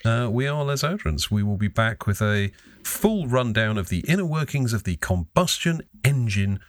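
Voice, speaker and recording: A man's voice: medium pitch, big pitch swings, moderate pace, no echo. Man, podcast co-host, rambling, joking, swears a lot, dry close sound. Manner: jokey, rambling, swears freely. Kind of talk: casual chat.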